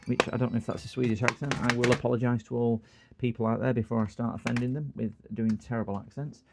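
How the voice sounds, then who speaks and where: A man's voice: medium pitch, fast, vocal fry, very noisy. A middle-aged man, chatting casually and joking with viewers as he hosts a repair livestream. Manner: jokey, rambling, answers chat comments.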